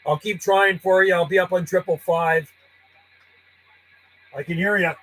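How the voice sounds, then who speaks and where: A man from Canada chatting and calling stations live from his home radio room as a ham radio operator, friendly and relaxed. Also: high-pitched, measured pace, low-quality recording.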